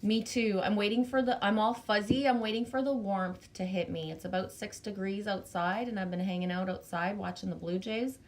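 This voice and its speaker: A woman's voice: mid-range voice, normal speed, hardly any pauses, a little mellow. A woman from Canada with a Canadian accent, hosting a casual livestream, chatty and bubbly, greeting viewers by name and swearing casually. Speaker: livestream host reading chat. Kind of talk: casual live chat.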